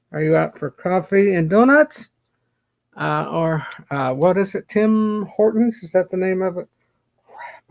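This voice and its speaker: A man's voice: sits high, creaky. A middle-aged man hosting his own channel from a home basement, chatting casually to the camera in a rambling, self-deprecating way and muttering to himself. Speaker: YouTube channel host.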